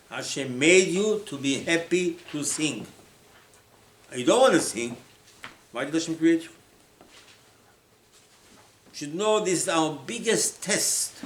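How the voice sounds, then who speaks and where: A man's voice: on the high side, fairly bright tone, a little hiss or hum. A man preaching a sermon, emphatic and repetitive, often acting out the voices of the people he quotes. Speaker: rabbi. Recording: echoey room with faint ambience.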